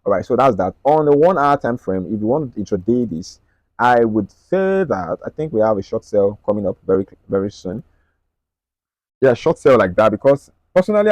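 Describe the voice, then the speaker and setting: A man walking viewers through his market analysis on screen, talking quickly and checking in with them often. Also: medium pitch, big pitch swings, a little mellow, no echo. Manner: rapid, repetitive, checks in with "right?" and "okay?". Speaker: trading analyst.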